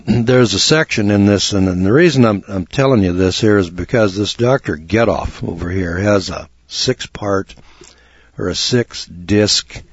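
A man's voice: on the low side, no echo, dull audio. A man hosting a talk radio show, rambling in a folksy, blunt way with lots of fillers and restarts.

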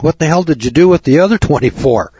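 A man's voice: fairly high pitch, expressive, fast talker, mellow, slightly rough. A man hosting a talk radio show, ranting through rhetorical questions and sarcastic asides to his listeners. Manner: sarcastic, addresses audience as kids. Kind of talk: radio monologue. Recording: dull lo-fi radio broadcast.

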